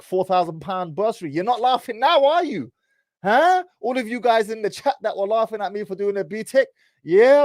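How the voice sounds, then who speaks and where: Brief: English man, 30s, lively swooping delivery, teasing street slang, fairly high voice, dry close mic. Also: dry recording. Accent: British, English. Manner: animated, teasing, heavy on slang. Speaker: vlogger. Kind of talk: casual storytelling monologue.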